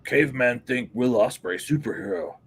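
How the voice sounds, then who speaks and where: Brief: male podcast host from the Pittsburgh area, lively swooping delivery, crude and casual, middle pitch. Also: moderate pace, vocal fry, slight background noise. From Pittsburgh area, USA. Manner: animated, swearing, lots of fillers. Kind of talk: casual profane chat.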